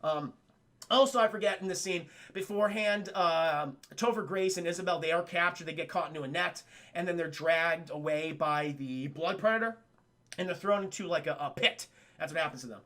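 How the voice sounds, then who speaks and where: A man's voice: fairly high pitch, brisk, sharp tone. A man streaming live, recapping a movie in a casual, profane, rambling way while talking to his chat. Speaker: streamer reviewing a film.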